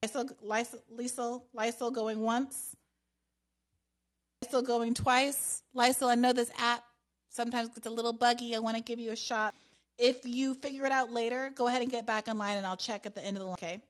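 A slightly high-voiced woman hosting a call-in podcast. She talks in a loose, animated way, often breaking into laughs as she takes calls. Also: quick pace. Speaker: podcast host taking calls. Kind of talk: casual call-in chat.

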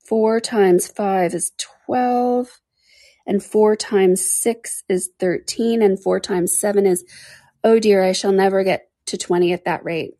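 A woman's voice: mid-range voice, fairly even intonation, brisk, few pauses, mellow, dry recording, studio quality, close to an everyday voice. A woman voicing Alice, a curious and flustered little girl who chatters to herself in a storybook reading.

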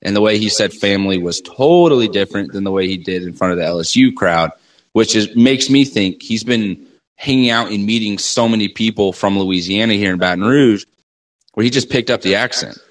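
A man's voice: on the low side, fairly quick. A man co-hosting a sports podcast, chatting in an easygoing way. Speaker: podcast co-host. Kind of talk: casual sports chat.

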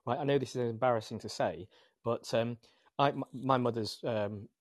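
On a podcast with no echo, a man from Britain talks at a moderate pace in a medium-pitched voice. He's a lively, casual storyteller who often tacks on tag questions such as "right?".

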